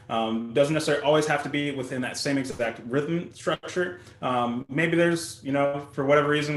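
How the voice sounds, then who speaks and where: A man teaching drumming in a casual, relaxed way, often asking "right?" as he explains patterns. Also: medium pitch, roomy sound, a little hiss or hum. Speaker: drum instructor. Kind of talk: casual instructional talk.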